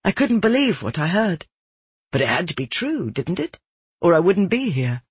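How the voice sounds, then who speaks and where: A man reading a first-person novel aloud in a measured, descriptive manner. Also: high-pitched, very animated, breathy edge, dry recording. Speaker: audiobook narrator. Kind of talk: scripted narration.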